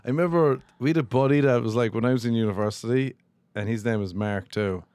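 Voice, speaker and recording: A young Irishman talks in a relaxed, slightly mumbled way and laughs often as he chats. His voice sits at an ordinary pitch. The recording is dry and close, with no room sound. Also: quick pace, clear, resonant tone, no echo. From Ireland. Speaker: stand-up comedian guest. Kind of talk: casual chat.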